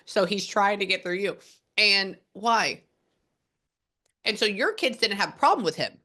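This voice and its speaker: A woman psychic talking a client through a spirit reading in a loose, rambling way, dropping swear words. Her voice is bright and forceful. She keeps the talk casual and chatty throughout. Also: mid-range voice, animated, a little slow. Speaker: psychic medium.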